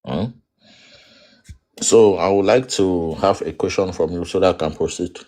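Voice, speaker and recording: A man's voice: sits low, moderate pace, dark tone. A man from Cameroon with a Cameroonian English accent, a guest in an online interview, speaking emphatically and switching into pidgin.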